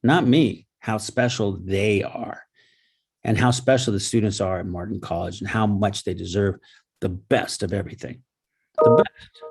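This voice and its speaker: Speaking at a moderate pace in a lowish, gravelly voice with a darkish tone and a breathy edge, a man tells stories casually and earnestly. He is the host and guest speaker, on a video call from a Los Angeles area home, and he stammers and repeats himself a lot.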